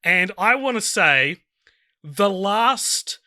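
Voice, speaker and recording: Podcast cohost guy, super bright slightly high voice, wry and playful, dry sound. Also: animated, dry recording. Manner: playful, wry, quick asides. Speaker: podcast co-host. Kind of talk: casual chat.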